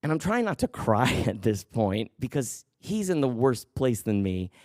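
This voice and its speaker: A man telling a personal story on stage, animated, acting out the people in it. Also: mid-range voice, unhurried, dry recording, clean studio sound. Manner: animated, acts out quotes. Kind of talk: live storytelling.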